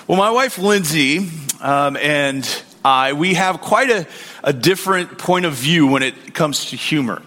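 A man's voice: a little high, animated, a little slow, bright, forceful tone. A man in his forties preaching a sermon in a church, praying and telling stories in a conversational way, with many fillers and repeated words. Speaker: pastor. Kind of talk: sermon with prayer and anecdotes. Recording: long hall reverb.

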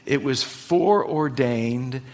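A man's voice: medium pitch, very slow, a little mellow. A middle-aged man preaching a sermon as pastor, in an earnest storytelling manner.

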